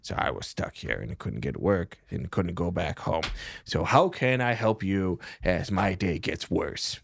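A man's voice: sits low, lively intonation, measured pace, creaky, a little hiss or hum, pitched below the performer's own voice, full character voice. A man voicing an overly polite, stranded male medic with a cold who rambles and sniffles. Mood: rambling.

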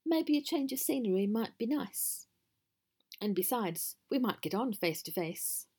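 A kind, reasonable mother goat talks politely and patiently, as a woman reading a story puts her on. Her voice sits a little higher than the narrator's, courteous and good-natured. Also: very animated, measured pace, a little mellow, slightly rough, exaggerated voice. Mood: reasoning.

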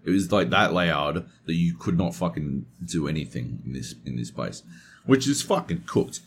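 A man's voice: deep voice, normal speed, creaky, husky. A man co-hosting a gaming podcast, chatting casually and telling stories with plenty of swearing. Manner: swears a lot, animated storytelling. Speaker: podcast co-host. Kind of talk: casual chat.

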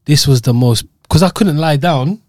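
A man tells his story in an easy, slangy way, as in casual podcast chat. His voice sits slightly high. He keeps a relaxed, conversational flow. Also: moderate pace, dry recording, studio quality. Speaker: podcast co-host. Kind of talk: casual banter.

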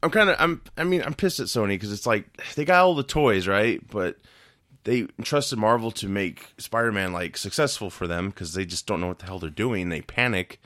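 Man, young adult, low voice, rambling, hesitant, casual movie chat, dry close sound. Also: fairly quick, a bit bright, no room sound. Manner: rambling, hesitant, laughs often. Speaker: podcast co-host.

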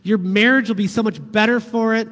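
High-voiced male pastor in a reverberant hall. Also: fairly even intonation, brisk, fairly bright tone. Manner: conversational, asks the congregation questions. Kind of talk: sermon teaching.

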